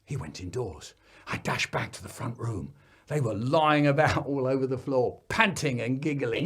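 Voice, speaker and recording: A man telling a comic story about his family in an animated, playful way. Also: mid-range voice, moderate pace, breathy edge.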